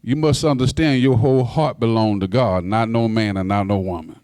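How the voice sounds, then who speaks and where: A man in his sixties preaching a sermon as pastor, folksy and direct with the congregation, his voice climbing high on emphasis and stumbling over repeated words. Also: moderate pace, a little mellow, dry recording. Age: 60s. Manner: folksy, talks straight to the congregation.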